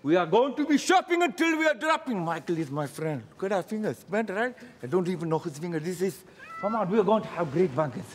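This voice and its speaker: An actor playing an eccentric male psychic in a comedy sketch, talking in broken English with excitable, crude patter. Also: high voice, fast talker, breathy edge, full character voice. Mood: manic. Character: eccentric male spoon-bending psychic impression.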